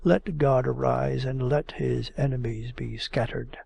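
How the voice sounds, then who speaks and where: An anxious, devout hermit monk speaks fervently and urgently, as a man reads him in an audiobook. His voice is heavily gravelly and husky. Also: mid-range voice, fairly even intonation, measured pace, darkish tone, no room sound, exaggerated voice. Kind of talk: audiobook character reading.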